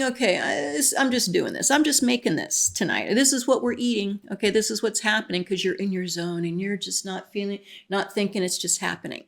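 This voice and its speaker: A woman vlogger talking in a casual, enthusiastic, rambling monologue, full of fillers. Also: on the high side.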